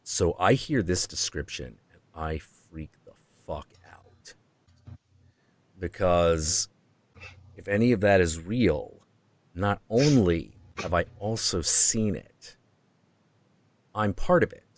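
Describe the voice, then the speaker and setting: A man with a very deep voice hosts a stream and tells a story in a profane, excitable way. He acts out the quotes as he goes. The sound is dry and close. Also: takes it slowly, long pauses, no echo. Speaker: host.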